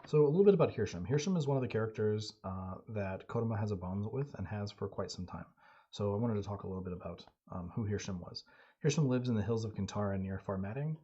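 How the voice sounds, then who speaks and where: A man running and narrating a solo tabletop game on stream, telling the story in a relaxed, halting way. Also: on the low side, slightly rough. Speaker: game master and solo player. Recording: dull lo-fi audio.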